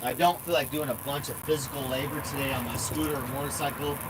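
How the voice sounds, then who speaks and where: A man's voice: medium pitch, fairly even intonation, fast, heavy background noise. A man vlogging casually from his RV. He talks bluntly and swears often. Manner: blunt, profane, talks to his cats in baby talk. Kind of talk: casual rambling vlog. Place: inside an RV.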